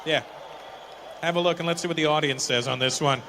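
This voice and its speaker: A middle-aged man doing stand-up, teasing audience members in quick back-and-forth crowd work. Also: fairly high pitch, steady tone, background noise. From Canada. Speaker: stand-up comedian.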